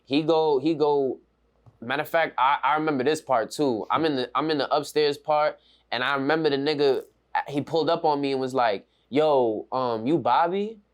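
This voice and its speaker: A man, telling a story in a casual interview, animated and slang-heavy. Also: on the high side, a little fast. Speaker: interview guest.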